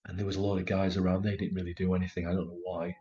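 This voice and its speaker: A middle-aged man telling a personal story in a conversation, halting and emotional, with many restarts. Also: low-pitched, little pitch movement, mellow, highs cut off, slight background noise. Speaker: actor telling his story as a guest.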